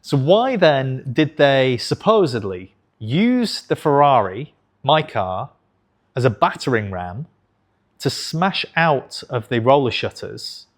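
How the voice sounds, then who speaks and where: Guy in his 30s telling a story straight to camera, mid-pitched, chatty, swears a bit. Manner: frank, conversational, swears casually, self-corrects. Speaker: investing channel host.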